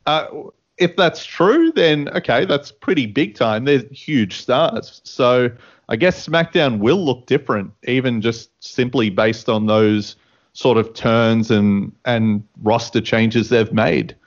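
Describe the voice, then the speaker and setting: Man, radio co-host, relaxed, laughs while he talks, average pitch, a little muffled. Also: slow. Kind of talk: casual radio chat. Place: radio studio.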